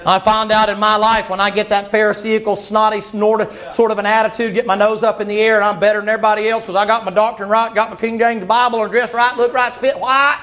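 A man preaching a sermon in a folksy way, often rising to a shout. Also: high voice, little pitch movement, fast talker, few pauses. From Southern United States. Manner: folksy, breaks into shouts and acted voices.

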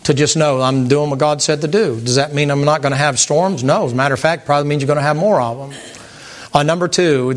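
A man preaching a sermon to a congregation in a folksy, animated way, repeating words and mimicking sounds. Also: on the high side. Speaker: pastor. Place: church sanctuary with congregation.

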